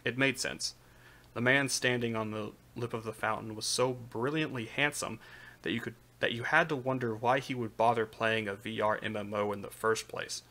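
明るい声で小説を朗読する男性. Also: male voice, mid-range voice, moderate pace. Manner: steady narration with occasional slips. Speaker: streamer reading aloud. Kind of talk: live reading of a light novel.

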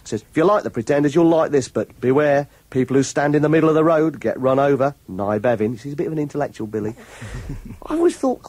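Reading out reviews in a radio studio, this man mocks them gleefully and chuckles often in chatty on-air talk. His voice is a little high and darkish in tone, with lively intonation and a quick pace, heard in a dry recording.

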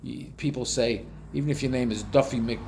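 A man's voice: medium pitch, fairly even intonation, brisk, background noise. A man with a heavy North Jersey accent telling blunt, matter-of-fact stories in a casual monologue, recorded near a street. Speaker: vlogger.

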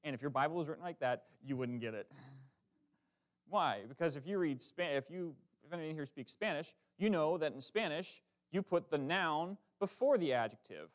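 A man preaching a lively, conversational sermon in a church, with quick asides and self-corrections. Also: on the high side. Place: church sanctuary.

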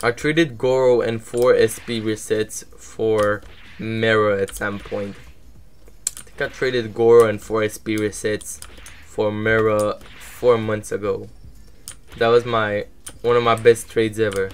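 A man's voice: flat delivery, measured pace, a little hiss or hum. Laid-back young man streaming a game. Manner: laid-back and low-key, flares up loud and angry at opponents. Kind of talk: casual livestream gameplay commentary.

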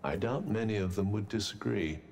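An actor voicing a sarcastic talking bracelet companion in a fantasy game, with a dry, snarky delivery. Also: male voice, on the low side, brisk, darkish tone, slight background noise, lightly acted. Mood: wry. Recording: game audio with long reverb, faint ambience.

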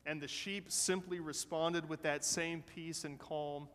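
A man pastor telling a story during a sermon in an animated way, voicing the characters as he goes. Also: on the high side, a little slow. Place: church sanctuary. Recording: long church hall reverb.

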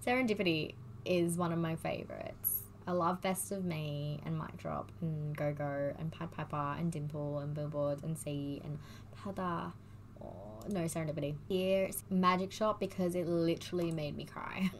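Excitable young woman vlogger. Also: deep voice, moderate pace, slight background noise. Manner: excitable, gushing, breaks into bits of song. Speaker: vlogger doing online quizzes. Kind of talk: casual chat while reading quiz questions aloud.

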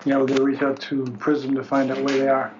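Fast-talking, self-mocking man. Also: medium pitch, completely flat delivery, a little mellow. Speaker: committee member. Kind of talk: meeting discussion. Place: meeting room. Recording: dull lo-fi audio with faint noise.

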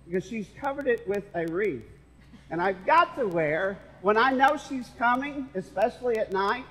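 A man's voice: high voice, fairly bright tone, big-room sound, rough recording. A male pastor preaching a sermon, with playful asides to the congregation. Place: church sanctuary.

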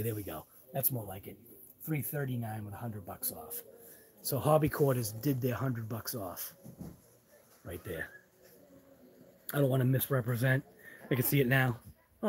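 A man with a Massachusetts accent who drops his R's, chatting casually as he walks a camera through a large hobby shop, rambling and muttering asides. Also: mid-range voice. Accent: Boston-area Massachusetts, non-rhotic. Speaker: channel host. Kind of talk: live walkthrough vlog.

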